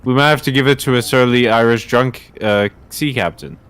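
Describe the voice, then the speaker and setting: A man's voice: mid-range voice, moderate pace, a bit bright, smooth. A man making wry, joking asides while streaming a video game. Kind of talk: casual let's-play chat.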